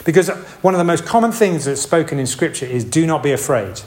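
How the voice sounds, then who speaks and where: A man's voice: on the high side, expressive, brisk, a little mellow, a little hiss or hum. A man giving a casual, rambling sermon. He restarts often and makes asides. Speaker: preacher. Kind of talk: informal sermon.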